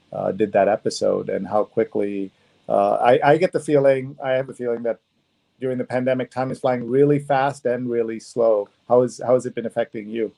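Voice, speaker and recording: A man hosting an online interview show, speaking haltingly with frequent restarts. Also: on the low side, gravelly, mellow. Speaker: host. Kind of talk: casual video-call interview.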